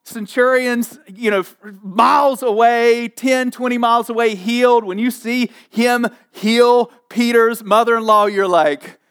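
A man preaching a sermon in a lively, jokey way, acting out the people in the story. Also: very high-pitched, measured pace, few pauses, clean tone. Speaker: pastor.

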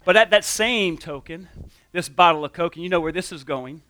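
Male pastor, slightly high voice, casual storytelling sermon, dry close sound. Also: normal speed, pushed and bright, no room sound. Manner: conversational, storytelling with restarts and voiced quotes. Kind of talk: sermon with object lesson and personal story.

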